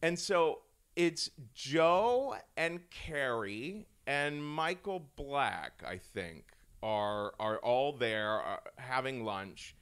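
Animated man telling a comedy story. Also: medium pitch, drawn-out words, smooth. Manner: animated, restarts a lot, swears, laughs often. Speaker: comedian guest. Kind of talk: casual storytelling in a podcast interview.

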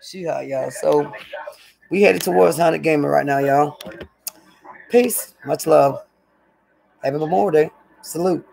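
A woman's voice: low-pitched, takes it slowly, gravelly, long pauses, a little mellow, soft background music. A woman chatting casually to her viewers from home on a hot day. She rambles from one thing to the next and keeps calling the audience y'all. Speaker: vlogger.

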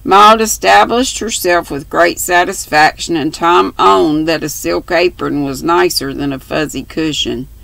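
An older woman reading a classic novel aloud in an unhurried, homespun way, sometimes stumbling and rereading. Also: sits low, creaky, a bit bright, dry recording, poor audio. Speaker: storybook reader.

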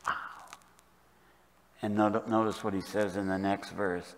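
An older man preaching a sermon as pastor, moving from hushed, quiet passages to loud, emphatic ones. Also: fairly low pitch, unhurried. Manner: dynamic, swings from hushed to loud emphatic delivery. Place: church sanctuary. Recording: long church reverb.

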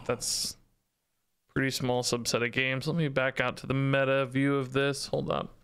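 A man's voice: mid-range voice, a bit bright, smooth. A man streaming a card game, chatting casually, thanking subscribers and thinking aloud about his deck. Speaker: Twitch streamer. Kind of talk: casual live-stream commentary.

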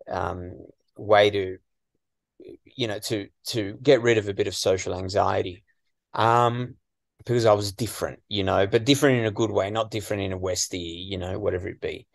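An Australian man from western Sydney, a comedian guest in a casual interview, chatty and full of "you know"s and lively asides. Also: on the low side, creaky, no echo, clean studio sound.

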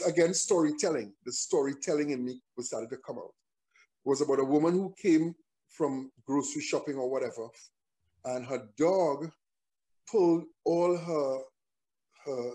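A songwriter and performer, his voice on the high side, tells a story in a relaxed, conversational interview. He often restarts his phrases while he thinks.

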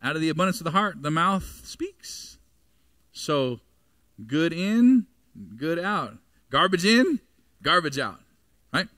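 A man's voice: on the high side, expressive, slow, fairly bright tone, no room sound. A man in his forties preaching a sermon in a church, talking conversationally and asking the congregation questions. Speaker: pastor. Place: church sanctuary.

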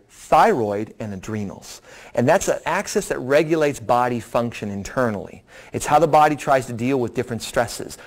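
Middle-aged male doctor, seminar talk, folksy and animated, plain mid voice. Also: mid-range voice. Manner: lively, folksy explanations with acted-out quotes. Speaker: doctor presenting a weight loss program. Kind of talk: seminar talk answering audience questions.

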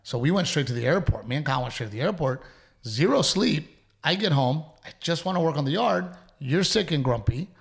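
Animated man telling stories. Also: a little high, fairly quick, creaky. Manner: animated storytelling, acts out quotes, swears freely. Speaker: podcast co-host. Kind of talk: casual banter with his wife.

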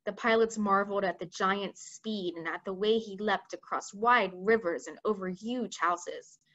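A woman reading a children's book aloud with expressive storytelling. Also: mid-range voice, normal speed, lo-fi sound. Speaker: reader.

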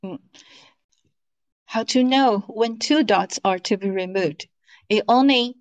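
A woman leads an online lesson. She speaks slowly and patiently at a middle pitch, drawing out each syllable she demonstrates. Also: rough recording. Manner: slow, patient, with drawn-out modeled syllables. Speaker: Mandarin teacher.

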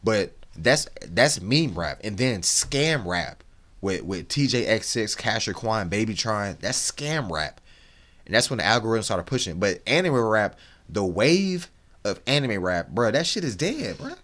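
A man's voice: on the low side, sing-song, unhurried, a bit bright. A man hosting a reaction video, talking in a frank, rambling, slang-heavy way with lots of restarts. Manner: frank and opinionated. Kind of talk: casual reaction commentary.

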